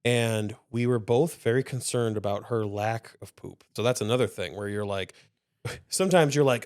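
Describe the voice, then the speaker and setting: Lively laughing storyteller, a man, dry sound. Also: fairly low pitch, normal speed, clean tone, no room sound. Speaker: podcast co-host. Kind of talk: casual chat, storytelling.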